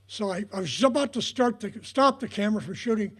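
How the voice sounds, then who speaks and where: Older male raconteur with a husky, high voice; rambling stories with acted-out quotes. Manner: rambling, many filler pauses, acts out quoted dialogue. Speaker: retired prop master giving a talk. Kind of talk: anecdotal storytelling talk. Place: talk in front of an audience.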